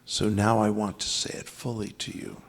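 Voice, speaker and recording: Level in tone and fairly low, this man's voice moves at a moderate pace. He's an older East Coast American spiritual teacher lecturing dramatically and emphatically on scripture, repeating important phrases to drive them home.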